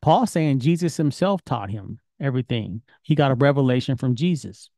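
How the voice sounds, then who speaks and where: Man, Torah teacher, casual lesson, mellow voice, dry close sound. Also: mid-range voice, animated, moderate pace, creaky, dry recording. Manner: conversational, questioning, colloquial. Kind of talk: informal Bible study lesson.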